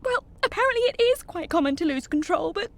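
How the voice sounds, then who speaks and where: A woman's voice: extremely high pitch, big pitch swings, a little fast, exaggerated voice. An actress playing a weary, ashamed woman dieter who talks in an anxious, confessional way in a radio comedy.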